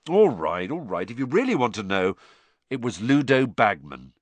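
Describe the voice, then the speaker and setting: A man's voice: medium pitch, big pitch swings, normal speed, no echo. A man voicing a brash teenage boy prankster, matter-of-fact and impatient.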